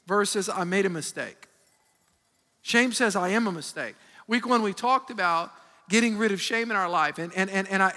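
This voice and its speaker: Pastor man preaching, bright voice, lots of restarts, big echoey church hall. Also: high voice. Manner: animated, emphatic, with frequent restarts. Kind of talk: sermon. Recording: long hall reverb.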